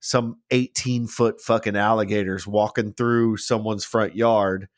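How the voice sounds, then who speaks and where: A man's voice: lowish voice, a little slow, dry recording, clean studio sound. A man in his forties co-hosting a podcast in casual chat, swearing freely and joking around. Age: 40s. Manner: swears freely, jokey and animated. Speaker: podcast co-host.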